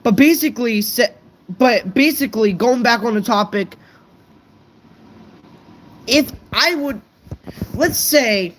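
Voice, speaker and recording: A woman vlogger rants unscripted to the camera for her viewers, blunt and profane, stumbling over her words. Her voice is a little high at a normal speed, and the rough recording has a little hiss or hum.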